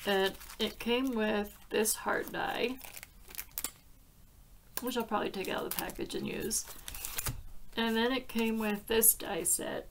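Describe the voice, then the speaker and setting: A woman's voice: a little high, slow, creaky, long pauses, fairly bright tone, a little hiss or hum. A woman hosting a crafting vlog, chatting in a heartfelt way and laughing often. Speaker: card-making crafter. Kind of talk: casual crafting vlog chat.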